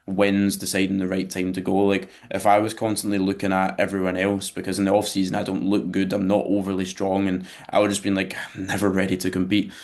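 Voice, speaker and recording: A man's voice: sits low, darkish tone. A man co-hosting a podcast as a physique coach, talking conversationally with casual swearing. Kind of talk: casual chat.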